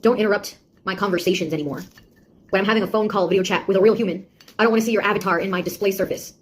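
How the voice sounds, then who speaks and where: A woman playing a sarcastic young beta tester, husky. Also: mid-range voice, rapid-fire, lightly acted. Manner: mocking, taunting, exasperated. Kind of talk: one-sided audio drama acting.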